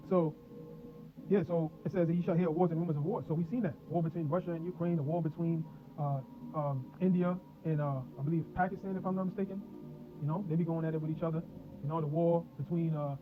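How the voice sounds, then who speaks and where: A man preaching on scripture, reading verses and then breaking them down in loose street slang. He talks quickly in a fairly high voice, and the sound is thin and phone-like with faint music underneath. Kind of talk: scripture teaching.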